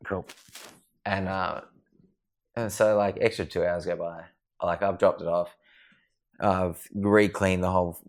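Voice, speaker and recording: Man, deep voice, gravelly, casual swearing storyteller. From Australia. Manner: sweary, rambling anecdotes. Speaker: podcast guest. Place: house at night.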